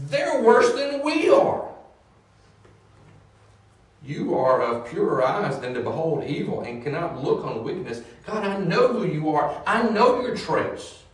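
Man doing a pleading prophet, high and indignant, echoey and distant. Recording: echoey room from far off.

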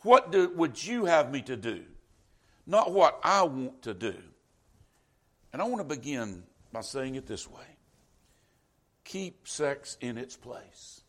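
A man's voice: medium pitch, very animated, slow, long pauses, fairly bright tone. An older man preaching a sermon in an earnest, emphatic way, quoting scripture.

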